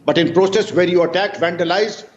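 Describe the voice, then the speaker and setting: A man's voice: sits high, fairly even intonation, a little fast, dull audio. A man, a retired police chief speaking emphatically and indignantly as a guest in a live TV debate.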